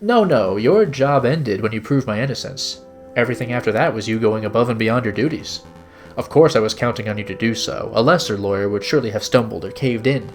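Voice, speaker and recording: A man's voice: fairly low pitch, expressive, fairly quick, faint music behind, lightly acted. A man putting on a suave fox detective, Vulpes. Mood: courtly. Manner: suave, courtly. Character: sly male fox private investigator, smooth and theatrical.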